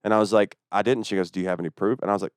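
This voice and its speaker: Low-voiced man telling a wild story. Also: rapid-fire, smooth, no room sound, clean studio sound. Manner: animated, profane, exasperated storytelling. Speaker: stand-up comedian, podcast guest. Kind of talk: casual storytelling chat.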